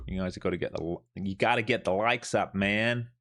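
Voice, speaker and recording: Overtired man, low voice. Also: fairly quick, fairly bright tone. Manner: chatty, loose and profane, thinking aloud. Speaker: live-streaming day trader. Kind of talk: live trading commentary.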